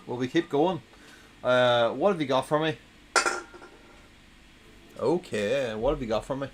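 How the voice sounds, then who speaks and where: A man's voice: medium pitch, takes it slowly, long pauses, a little hiss or hum. A drunk man reads dad jokes, repeating each punchline and laughing at his own jokes. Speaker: host reading dad jokes. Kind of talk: casual tipsy dad-joke reading.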